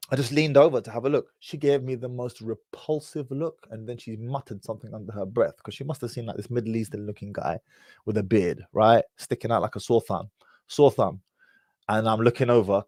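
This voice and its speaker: A man's voice: on the low side, gravelly, a little mellow, no room sound. British man, livestream chat, rambling anecdotes, street slang, dry close sound. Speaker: livestream host. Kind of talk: casual livestream monologue.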